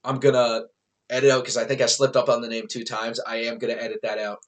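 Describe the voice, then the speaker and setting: A young man talks straight to his camera in a casual vlog, spinning a rambling story. His delivery is animated and loose, full of filler words, swearing and bursts of laughter. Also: medium pitch, fast talker. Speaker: vlogger.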